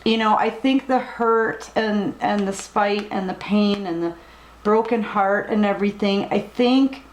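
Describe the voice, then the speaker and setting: A woman giving a collective tarot reading, gently reassuring and emotional, speaking straight to the viewer. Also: medium pitch, measured pace, reverberant, poor audio. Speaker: tarot reader.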